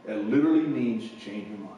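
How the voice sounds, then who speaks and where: A man's voice: on the low side, a little fast, dull audio, a little hiss or hum. A male preacher giving a conversational sermon, often repeating and restarting his words. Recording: echoey hall from far off.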